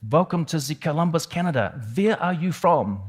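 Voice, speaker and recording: A man's voice: fairly high pitch, lively intonation, normal speed, voice pushed up. A man voicing a cheerful German first mate of a ship, greeting a rescued sailor in a German accent. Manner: friendly, upbeat greeting.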